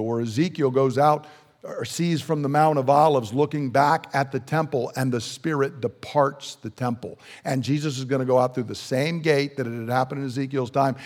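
A man preaching a sermon in an emphatic way, often putting questions to his listeners. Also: mid-range voice. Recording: long hall reverb.

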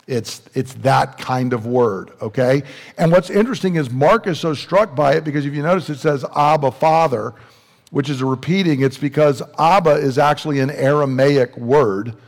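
A man from the South, preaching a sermon with earnest questions and slow, emphatic drops in his voice. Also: on the high side. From American South. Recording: long hall reverb.

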